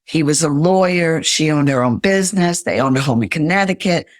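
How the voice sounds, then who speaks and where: A woman's voice: deep voice, a little fast, no echo, clean studio sound. An older woman, a podcast guest, earnestly telling her life story in an interview.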